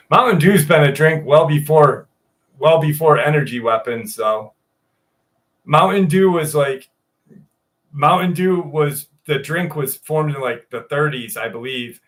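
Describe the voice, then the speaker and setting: A man's voice: a little high, measured pace, a bit bright. A man hosting a live stream, chatting casually with viewers by name, swearing freely, and reading out a story.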